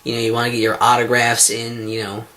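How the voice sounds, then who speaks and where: A man's voice: medium pitch, monotone, fast talker, sharp tone. A man hosting his own online show, talking to camera in a rambling, sarcastic, self-deprecating way, swearing often, with lots of ums and restarts. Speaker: vlogger, show host.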